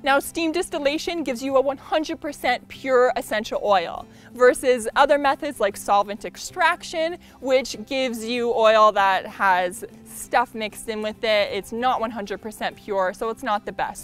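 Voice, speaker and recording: High-voiced upbeat woman presenting products. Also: moderate pace, few pauses, faint music behind. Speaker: essential oil specialist.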